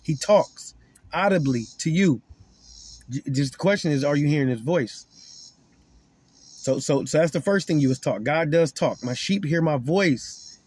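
Self-styled prophet, male, slightly raised pitch; emphatic to-camera preaching with stumbling restarts and repetition. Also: normal speed, long pauses, a little mellow, breathy edge. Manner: emphatic, repeats words as he restarts; repeats key lines for emphasis.

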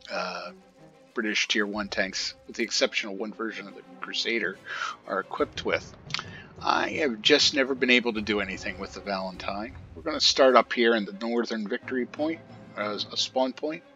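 A man's voice: lowish voice, muffled recording. A man giving casual, self-mocking and sarcastic commentary on his own gameplay. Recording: loud game engine noise behind.

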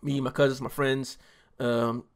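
A man's voice: medium pitch, little pitch movement, measured pace, clean tone. A man giving a loose, chatty reaction commentary as a YouTuber, laughing often as he talks.

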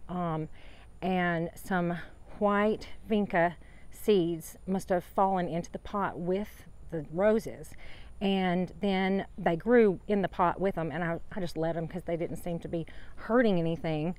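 A woman's voice: fairly low pitch, unhurried, a little mellow. A woman chatting casually outdoors in her home garden, rambling about her plants and sharing heartfelt thoughts on faith. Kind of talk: casual garden tour vlog. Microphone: handheld phone camera.

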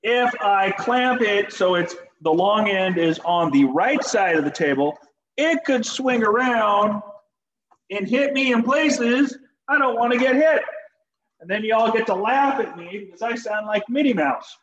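A man's voice: high-pitched, expressive, measured pace, fairly bright tone, echoey room, lo-fi sound, a little hiss or hum. A man teaching a shop class in a folksy, joking way while demonstrating tools. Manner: folksy, joking, talks to students directly. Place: school workshop.

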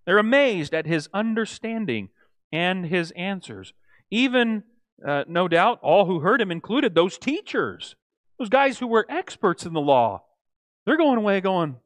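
Male bible study teacher, animated delivery with lots of pitch swing, dry close sound, acts out the lines. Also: a little slow, dry recording. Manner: animated, acts out quoted lines, asks the group "right?". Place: church.

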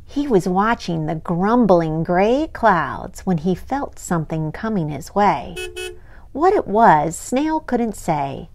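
A woman reading a picture book aloud to young children as a librarian, expressive and pausing to ask the listeners questions. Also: fairly low pitch.

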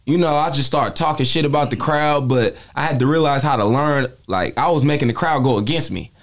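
A young man with a Bay Area accent telling stories from his start in comedy in a relaxed, slangy interview chat. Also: mid-range voice, fairly quick. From Bay Area, California. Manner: laid-back storytelling with slang. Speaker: comedian guest.

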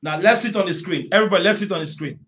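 At an online prayer meeting, a high-pitched man preaches, reading scripture with emphasis, repeating phrases and breaking into long, drawn-out shouts.

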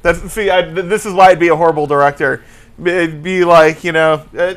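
Loud guy cracking jokes on a chat show, voice kinda high. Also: steady tone, a little fast. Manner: loud, joking, profane. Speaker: co-host. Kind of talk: casual comedy chat.

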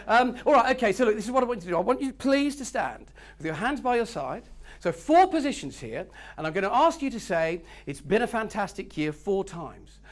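Cheeky man leading a lively workshop. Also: high voice, a little fast. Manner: cheeky, joking, teasing the audience. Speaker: workshop speaker. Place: meeting room with a live audience.

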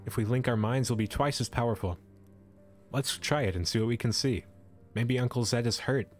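A man's voice: medium pitch, moderate pace, faint music behind, lightly acted. A man voicing a small, bossy pseudo-dragon who scolds and frets nervously. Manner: scolding, impatient.

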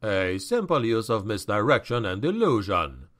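A man voicing a cunning demonic male high priest who speaks slowly and commandingly in an audiobook. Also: big pitch swings, fairly bright tone. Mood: menacing. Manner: slow, measured and commanding. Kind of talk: audiobook character voice.

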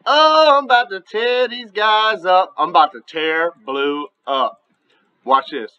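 A man hosting a gaming video with his son, giving excitable play-by-play with shouted sound effects. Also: sits high, a little slow, smooth. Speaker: dad and gaming channel host. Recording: dull lo-fi audio.

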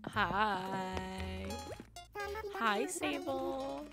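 A woman live-streaming a game, chatting to herself in a giggly, excitable way. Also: medium pitch, extremely slow. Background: game music.

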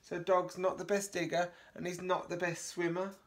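A man's voice: high voice, little pitch movement, normal speed, a little hiss or hum. A man teaching a reception class remotely, reading a picture book aloud with gasps and questions to the children. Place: home, remote lesson video.

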